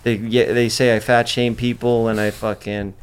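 A man's voice: medium pitch, flat delivery, moderate pace, smooth. Brash, profane young man chatting loosely. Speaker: podcast host. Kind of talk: casual chat.

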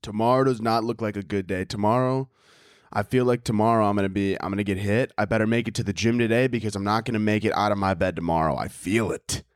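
A man's voice: fairly low pitch, steady tone, quick pace, smooth, dry recording, clean studio sound. A young man hosting his own podcast solo, rambling in a profane, self-mocking way and laughing often at his own jokes. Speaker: podcast host. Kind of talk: casual comedic podcast monologue.

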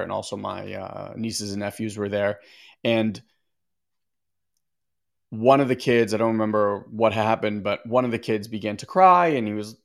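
A man's voice: lowish voice, gravelly. A man speaking casually on a live stream as a meditation teacher, rambling and reading out viewer comments. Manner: rambling and conversational, often restarting sentences. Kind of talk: casual livestream talk to viewers.

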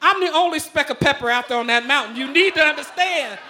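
A woman with a bright, ringing voice tells a comic personal story live on a club stage. She is lively and profane, laughing through her lines and shouting out the punchlines. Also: high-pitched, fast, a little hiss or hum. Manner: animated, profane, laughing while telling.

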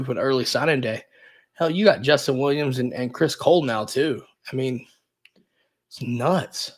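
With a husky, slightly bright voice of medium pitch, a man co-hosting a sports podcast casually rambles through a team breakdown. He hedges frequently and repeats fillers.

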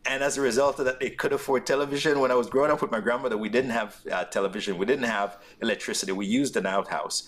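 Jamaica-born guy telling his life story, mid pitch, lots of uh pauses. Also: steady tone, fairly bright tone. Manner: reflective, plainspoken, with frequent "uh" pauses. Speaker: guest. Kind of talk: storytelling in a conversational interview.

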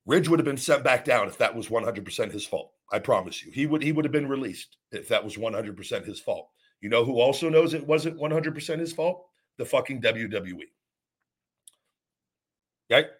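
A man's voice: medium pitch, lively intonation, fairly quick, slightly rough. A man hosting his own podcast, delivering a blunt, profanity-heavy rant with frequent restarts and repetition. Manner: repeats himself and restarts sentences. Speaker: podcast host.

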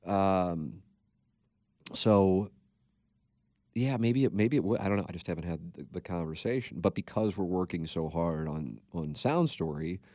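A man's voice: low voice, animated, a little slow, warm tone, no room sound, studio quality. A man co-hosting a podcast, talking in a rambling, candid way and swearing freely. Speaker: podcast co-host. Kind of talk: casual podcast chat.

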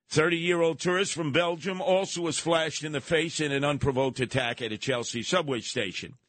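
A man's voice: on the high side, fairly bright tone, no room sound. Brash New talk radio man. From New York City. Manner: combative, sarcastic, acts out quoted voices. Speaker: radio talk show host.

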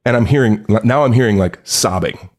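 A man telling a long, animated anecdote as a podcast guest, rambling with many restarts and acting out quoted lines. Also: medium pitch, brisk. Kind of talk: casual storytelling.

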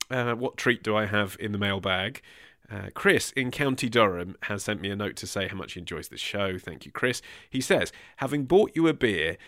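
A man's voice: lowish voice, a bit bright, no room sound, clean studio sound. An English man hosting a podcast in casual chat, wry and self-deprecating, slightly out of breath. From England. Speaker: podcast host.

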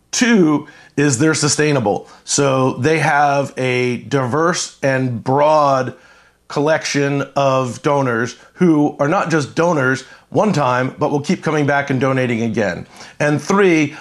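A man talking through college sports business in a measured, explanatory way, with frequent fillers and restarts. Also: medium pitch. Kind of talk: conversational sports talk.

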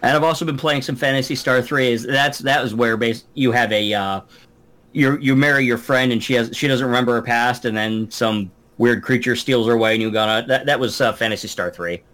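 A man co-hosting a gaming podcast, telling stories about games in a relaxed, rambling way. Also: mid-range voice, fairly quick. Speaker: podcast co-host. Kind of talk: casual gaming chat.

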